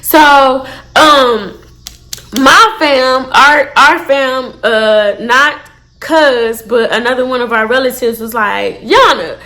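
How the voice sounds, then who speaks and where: A woman telling a casual storytime to her viewers, animated and full of swearing. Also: sits high, slow. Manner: animated, swears a lot, addresses viewers as y'all. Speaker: storytime vlogger.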